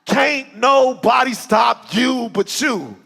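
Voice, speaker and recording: Male spoken-word poet, breathless and rhythmic, raspy-edged voice, live in an echoey sanctuary. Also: extremely high pitch, slow pace. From Chicago. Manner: rhythmic, rhyming delivery with shouted peaks. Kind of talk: spoken-word poetry performance. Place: church sanctuary with live audience. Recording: echoey hall with audience.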